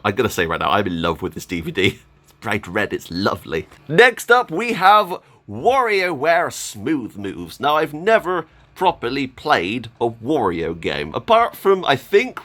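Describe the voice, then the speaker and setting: A man chats through a game haul in a casual vlog. His voice is lively and swings widely in pitch, and he breaks into laughs often. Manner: chatty, enthusiastic, laughs often. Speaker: gaming YouTuber.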